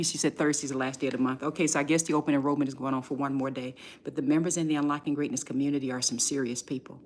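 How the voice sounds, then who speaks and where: A woman business coach hosting a live stream, pitching her community in an emphatic, emotional way and speaking straight to her viewers. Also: a little hiss or hum.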